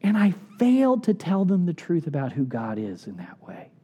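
A middle-aged man preaching a sermon as a pastor, earnest and pleading, often dropping to soft low tones for emphasis. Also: huge pitch swings, moderate pace, breathy edge.

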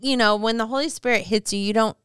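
A woman chats on a faith podcast, telling a heartfelt personal story. Her voice is very smooth and resonant. The sound is dry and close, with fillers and restarts throughout. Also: on the high side, steady tone, quick pace, fairly bright tone, no room sound. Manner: emotional, rambling storytelling with many fillers. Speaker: guest. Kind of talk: casual faith podcast chat.

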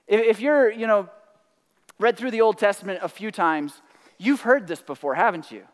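High-voiced animated male preacher. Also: normal speed, in a large hall. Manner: animated, acts out quotes, laughs often. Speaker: pastor. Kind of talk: sermon.

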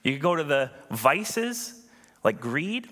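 Man, pastor, earnest sermon, lively pitch, echoing hall. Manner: earnest, emphatic preaching with dramatic pauses.

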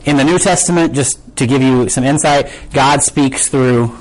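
A man's voice: medium pitch, moderate pace, rough recording. A man preaching a casual, conversational sermon to his congregation, often asking "right?" and loosely losing and finding his place. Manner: chatty, asks "right?" often, loses his place and laughs it off. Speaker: pastor.

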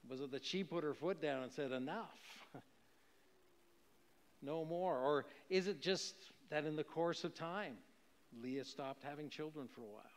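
A man preaching a sermon in a fairly high voice and an easy, conversational manner, asking his listeners rhetorical questions. His voice carries through a large hall with long reverb. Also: moderate pace. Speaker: pastor.

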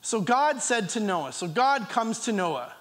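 A man's voice: high-pitched, very animated, a bit bright. A man preaching a sermon in a church, earnest and reading scripture, with a slight cough. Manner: earnest, with pauses and restarts, reading scripture aloud. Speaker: pastor. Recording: long reverb of a church hall.

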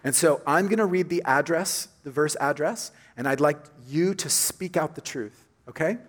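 A man preaching a sermon to his congregation in an earnest, conversational way, dropping to a softer voice when he quotes scripture. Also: a little high, moderate pace. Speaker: pastor. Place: church.

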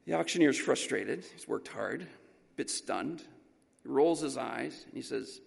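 Animated preacher telling a story in an echoing hall. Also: male voice, mid-range voice, unhurried, gravelly, husky. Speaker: pastor. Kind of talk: storytelling sermon. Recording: long reverb in a large hall.

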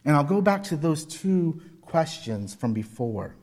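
A man's voice: fairly high pitch, sing-song, a little slow, darkish tone. A man in his forties preaching a sermon, telling personal stories with earnest, emphatic repetition. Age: 40s. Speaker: pastor. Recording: long hall reverb.

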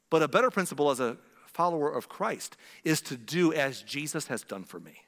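A man preaching a sermon as pastor, talking in a conversational, animated way and acting out quotes. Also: a little high, long reverb tail.

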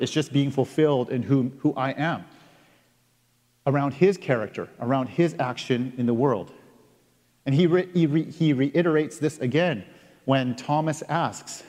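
A man's voice: mid-range voice, darkish tone. Man preaching in a reverberant hall. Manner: earnest, reads scripture aloud with emphatic pauses. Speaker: pastor. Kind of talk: sermon. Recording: long reverb of a large hall.

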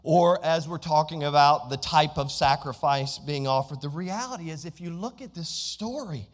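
A man's voice: fairly high pitch, moderate pace. A man preaching a sermon as pastor, emphatic and repeating his key phrases. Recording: long hall reverb.

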